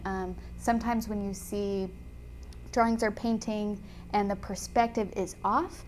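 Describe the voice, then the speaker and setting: A woman teaching watercolor painting in a chatty, enthusiastic way, often pausing with "um" while she talks. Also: mid-range voice, a little hiss or hum. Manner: chatty and enthusiastic, frequent "um" fillers. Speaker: watercolor instructor. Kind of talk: casual tutorial chat while painting.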